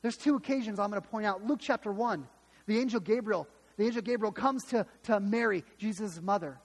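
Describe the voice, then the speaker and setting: A man's voice: high voice, brisk, in a large hall. A man preaching a sermon, emphatic and dramatic, retelling scripture with repeated restarts. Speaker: pastor.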